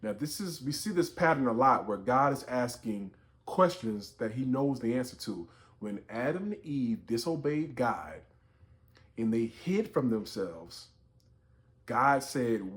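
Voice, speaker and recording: A man's voice: medium pitch, animated, a little slow. A man teaching a Bible story in a conversational way, building to emphatic outbursts. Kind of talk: explaining scripture to camera.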